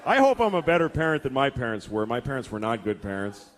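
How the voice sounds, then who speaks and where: A man's voice: medium pitch, sing-song, quick pace, a faint crowd, a little hiss or hum. Profane exasperated man doing stand-up. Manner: profane, exasperated, acts out quoted voices. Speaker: stand-up comedian. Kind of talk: stand-up comedy routine. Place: comedy venue before a laughing audience.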